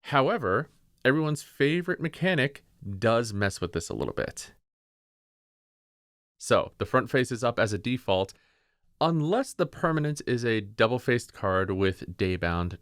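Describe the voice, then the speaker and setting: Low-pitched guy walking through card rules on a podcast, dry close sound, laughs easy. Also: animated, a little slow, a bit bright, no room sound. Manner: explains card rules methodically, laughs easily. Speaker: podcast co-host. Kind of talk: casual rules discussion.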